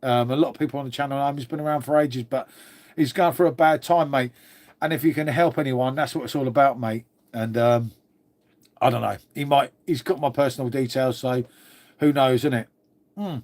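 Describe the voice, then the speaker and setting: A man's voice: medium pitch, steady tone, a little fast, a little mellow. A middle-aged man from England hosting a casual live stream, rambling on, swearing freely and calling everyone mate.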